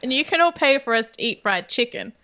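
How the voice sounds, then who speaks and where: A woman's voice: fairly high pitch, very animated, brisk, pushed and bright. A woman co-hosting a casual podcast, chatty and agreeable, recapping a film with open feeling. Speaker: podcast co-host.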